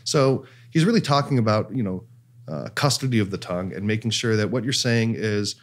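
A man's voice: fairly low pitch, brisk. Chatty man explaining scripture casually. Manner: explains scripture at length, with many filler "you know"s. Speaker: podcast co-host. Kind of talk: casual panel discussion.

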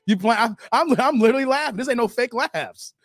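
A livestream host from the Chicago area, with a very high, expressive voice, talks a little fast as he reads viewer comments and teases the chat amid lots of laughter. The studio-quality recording has no room sound.

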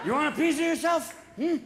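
A man playing a loud drunk barfly, slurring, threatening, high lively voice, live theater crowd. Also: gravelly, echoey room, full character voice. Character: belligerent drunk man picking a bar fight. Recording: live theater recording with audience noise.

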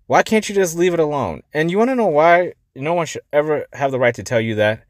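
A man hosting a motivational life-coaching podcast. He talks bluntly, swears, and swings between quiet asides and emphatic pushes. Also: mid-range voice, dry recording, clean studio sound. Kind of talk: motivational monologue.

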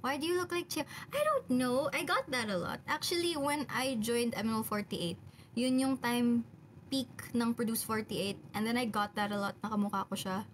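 A young adult woman from the Philippines, an idol group member, chats casually on a livestream, reading viewer comments aloud and answering with frequent laughter. She has a Filipino accent and mixes English with Filipino. Her voice is a little high at normal speed, with a slight hiss or hum.

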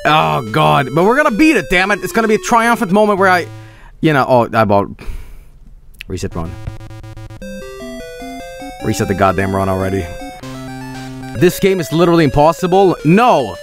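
Exasperated streamer yelling at a game. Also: male voice, high-pitched, big pitch swings, fairly quick, gravelly. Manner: exasperated, profane, frequent yelled protests. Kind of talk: gaming stream commentary. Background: game music.

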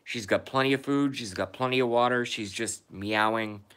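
A man with a bright, forward voice chats casually on his live stream from home. He reads viewers' comments aloud and answers them as he goes. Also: mid-range voice, normal speed, clean tone.

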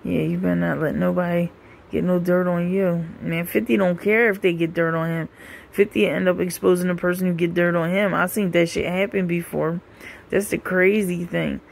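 A woman's voice: lowish voice, fairly even intonation, moderate pace, creaky. A woman hosting a gossip show, casually commenting and reading comments aloud in a laid-back, profane way.

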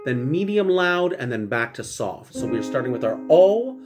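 A man, a singing teacher, leading sung vocal warm-ups, counting in and singing syllable drills over a guitar. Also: mid-range voice, sing-song, moderate pace, few pauses. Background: guitar accompaniment.

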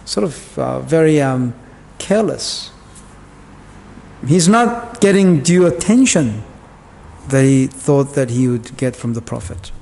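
A man's voice: medium pitch, gravelly, a little mellow. A male pastor preaching a sermon in a church, explaining Bible verses in a conversational way with asides and fillers. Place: church hall. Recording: long church reverb.

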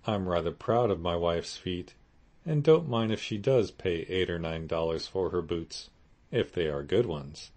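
A man reading an audiobook voices a kind young husband, speaking in a measured, dry way. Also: low-pitched, darkish tone. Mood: good-humored.

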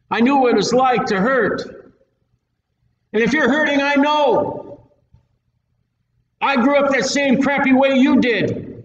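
A man gives a folksy, plain-spoken sermon, leaning hard on his points. His voice sits high for a man. He is recorded from a distance in a roomy hall, and the sound is dull and slightly noisy. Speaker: preacher. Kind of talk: casual Bible-teaching sermon. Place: church hall with a live audience. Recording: echoey room, mic at a distance, dull sound.

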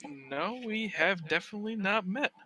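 A man's voice: high voice, expressive, normal speed, bright, forceful tone, no echo, low-quality recording. A man playing a tabletop role-playing game in character, joking and laughing often as his voice swings up and down. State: voice changed, talking through a cup. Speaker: tabletop player.

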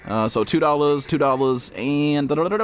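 A man streaming a survival game live, cursing and yelling to his chat and teammates for help, then reading out donations. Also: a little high, moderate pace, faint music behind. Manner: panicky, profane, yelling for help. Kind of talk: live gameplay commentary.

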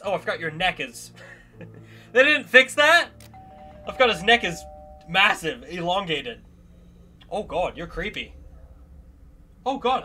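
A man's voice: high-pitched, sharp tone, slightly rough. A young man giving jumpy, exclamatory commentary over a horror game, often talking straight to the monsters. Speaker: gaming YouTuber. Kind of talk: live gameplay commentary.

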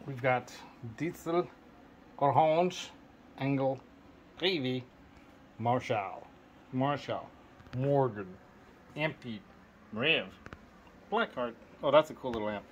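A man's voice: mid-range voice, takes it slowly, pauses often, a little hiss or hum. A man vlogging casually as he walks through a large guitar and amp collection, admiring pieces and trailing off as he searches for names. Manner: enthusiastic, admiring, rambling, often searching for names. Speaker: vlogger touring a gear collection. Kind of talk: casual walkthrough commentary. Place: indoors in a room full of guitars and amps.

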